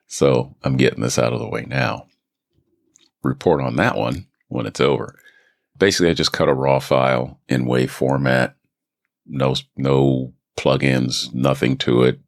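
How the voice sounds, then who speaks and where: A man who hosts a voice acting podcast, talking in a relaxed, rambling way with small restarts. He talks on a studio microphone in a home booth. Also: rumbling low, creaky, dry recording. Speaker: voice actor and podcast host. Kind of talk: casual solo podcast chat.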